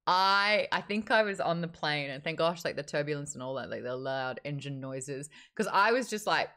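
A woman's voice: deep voice, expressive, normal speed, a bit bright. A woman hosting a casual online book chat, reviewing a novel candidly and reading out viewer comments, with wry remarks and frequent laughs.

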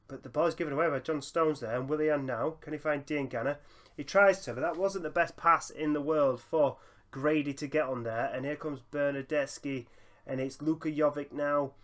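A young man giving excitable running commentary over a football management game, breaking into laughter and shouts. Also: medium pitch. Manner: excitable, bursts into shouting and laughter at big moments. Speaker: gaming YouTuber.

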